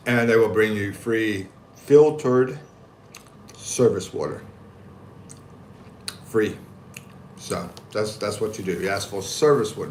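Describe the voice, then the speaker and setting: On a casual stream, an American vlogger with a fairly low voice tells an animated, slangy, joking story and reads out the chat. He's unhurried and pauses often, and the echoey room has faint ambience and slight background noise.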